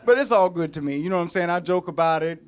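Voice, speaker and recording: A man performing a stand-up set in a comedy club, animated and profane, laughing through his own punchlines. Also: sits high, fast talker. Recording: live club with loud crowd. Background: live audience laughing.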